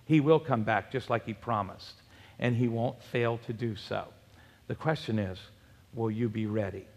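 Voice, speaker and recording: Brief: male pastor, gravelly voice, sermon delivery with rhetorical questions, long church reverb. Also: medium pitch, normal speed, darkish tone. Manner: preaching with rhetorical questions and scripture references.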